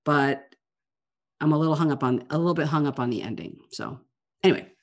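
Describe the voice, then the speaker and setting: A woman co-hosting a casual book-club podcast as a librarian, earnest and animated, often restarting her phrases. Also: low voice, a little fast.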